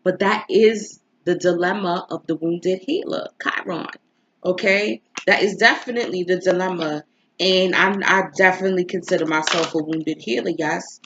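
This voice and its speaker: A woman with a fairly low voice talks in a casual, confessional vlog style, rambling and emotional with a stuffy nose. Her voice comes through a dull, lo-fi home recording with a faint hiss behind it. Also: steady tone, normal speed, a bit bright. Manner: emotional, rambling, rhetorical asides. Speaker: astrology and tarot reader.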